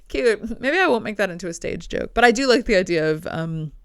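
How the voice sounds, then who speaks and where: A woman podcast host and comedian riffing in a dark, irreverent comedic monologue. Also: mid-range voice, expressive, brisk, smooth, no echo, studio quality. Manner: dark, irreverent joking with frequent laughs.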